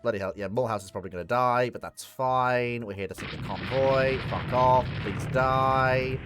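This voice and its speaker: A man's voice: medium pitch, fairly quick, background noise. A man commentating live on a naval strategy game, swearing and talking to the ships on screen. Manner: swearing, excitable, talks to the game. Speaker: streamer.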